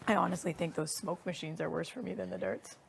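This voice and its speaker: Woman, low and gravelly, casual reality-house chat, laughs a lot, faint hiss. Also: flat delivery, fast. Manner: laughs often, chatty and loose.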